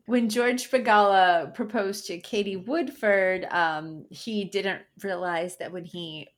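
A woman's voice: medium pitch, steady tone, slow. Chatty woman telling funny stories. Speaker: podcast co-host. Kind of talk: casual chat, reading out stories.

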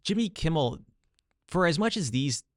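A man's voice: on the high side, very animated, moderate pace, dry recording, studio quality. A man talking casually as a guest about his study, with many "like" and "you know" fillers. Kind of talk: casual political talk.

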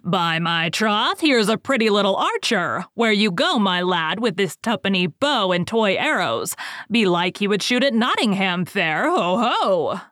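A woman's voice: medium pitch, very animated, a little slow, a bit bright, no echo, clean studio sound. A woman doing a bullying head forester. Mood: mocking.

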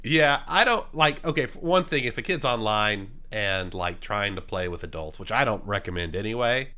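A man co-hosting a podcast, chatting casually and cracking deadpan, teasing jokes. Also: fairly low pitch, normal speed. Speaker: podcast co-host. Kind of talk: casual chat.

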